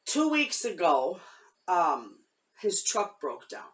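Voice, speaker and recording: A woman's voice: fairly low pitch, big pitch swings, slow pace, fairly bright tone, far from the mic. A woman vlogging from her homestead, telling a story in a heartfelt, rambling way with many restarts. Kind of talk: casual chat to camera.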